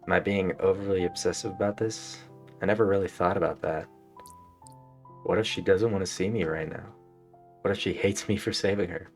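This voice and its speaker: A man's voice: low-pitched, fairly even intonation, brisk, soft background music. A man reading a visual novel aloud as a game player, dramatic in places and often breaking off to joke and laugh.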